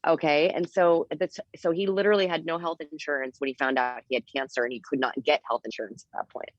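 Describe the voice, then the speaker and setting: Woman, low voice, podcast guest, candid casual storytelling, lots of fillers, dry dull audio. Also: fast talker, dry recording. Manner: animated, candid, with frequent fillers. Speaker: interview guest.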